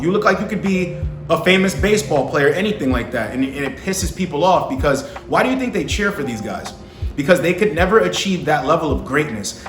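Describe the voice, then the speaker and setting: A man's voice: fairly high pitch, a bit bright, a little hiss or hum. A young man talking casually to camera about dating, slangy and profane, often asking the listener if they understand. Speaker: vlogger giving dating advice to men. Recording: echoey room with faint music.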